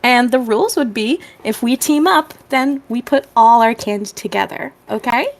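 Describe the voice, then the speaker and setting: A woman's voice: on the high side, normal speed, close to an everyday voice. A woman voicing a sweet but scheming young girl in a tabletop game, with a sugary, coaxing manner.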